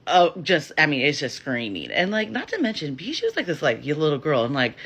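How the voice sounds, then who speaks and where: A woman in her thirties recounts a night out in a loose, casual telling. Her pitch swings widely as she acts out each voice, and her tone is bright and forceful. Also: wildly swooping pitch, a little fast, breathy edge. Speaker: storyteller. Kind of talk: casual storytelling.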